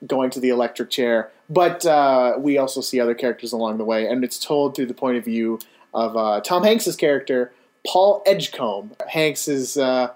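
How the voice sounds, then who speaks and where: A man's voice: medium pitch, normal speed, a little mellow. A man hosting a podcast, chatting casually and teasing his guest in a playful, joking way. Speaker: podcast host. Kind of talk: casual chat.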